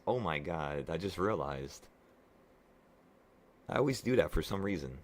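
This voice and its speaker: A man who is sick, excitedly and profanely talking viewers through his live trades and cursing at himself. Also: low-pitched, normal speed. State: sick, voice affected by illness. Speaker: trading vlogger. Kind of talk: live trading commentary to viewers.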